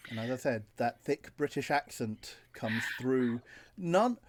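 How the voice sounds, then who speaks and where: A man running a tabletop game speaks slowly and haltingly, filling gaps with many "uh"s. His voice sits at an ordinary middle pitch. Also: animated. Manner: slow and halting, many fillers. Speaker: game master.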